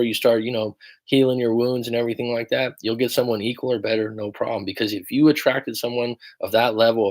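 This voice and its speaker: A man coaching viewers on a livestream, blunt and emphatic, swearing often as he reads and answers their comments. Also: mid-range voice. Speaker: relationship coach.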